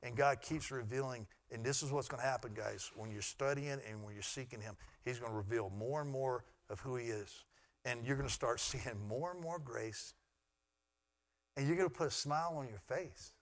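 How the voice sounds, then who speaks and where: A middle-aged man, a pastor, preaching a sermon in an earnest way that swings from loud to hushed. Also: medium pitch, normal speed.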